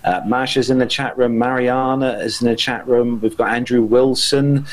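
A man's voice: medium pitch, steady tone, moderate pace, poor audio. A British man hosting a casual podcast, chatty and upbeat, reading out listener names. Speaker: podcast host.

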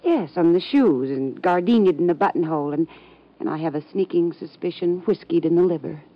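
A deadpan, low-voiced young woman. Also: brisk. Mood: sardonic. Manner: dry, deadpan. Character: sardonic young woman, cool and mocking. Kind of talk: 1950s radio drama acting. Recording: dull lo-fi old radio recording.

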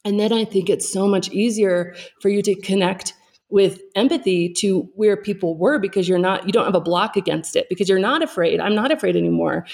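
A woman's voice: mid-range voice, brisk, creaky, a little mellow. A woman in her thirties, a podcast guest, talking openly and reflectively in casual conversation and laughing easily.

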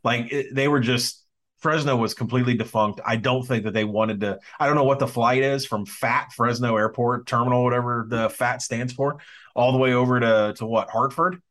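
A man co-hosts a casual sports betting podcast, talking through the numbers in an even, measured way. His voice sits at an ordinary middle pitch. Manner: measured, stats-heavy. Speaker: podcast co-host.

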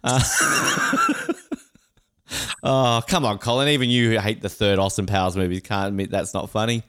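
Man, podcast co-host, casual banter, lively pitch swings, playful joker. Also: moderate pace, clean tone. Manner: jokey, puts on silly high voices. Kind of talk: casual chat.

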